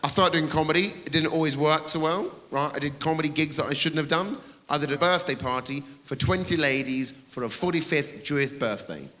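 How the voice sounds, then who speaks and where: A man doing a stand-up comedy set on a theatre stage, teasing the audience and bursting into shouted high voices. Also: brisk. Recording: reverberant hall with loud audience noise.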